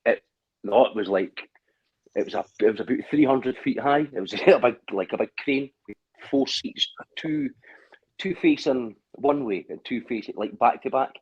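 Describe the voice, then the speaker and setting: A man's voice: medium pitch, normal speed, slightly rough, lo-fi sound. A man telling stories in casual chat, laughing often and swearing.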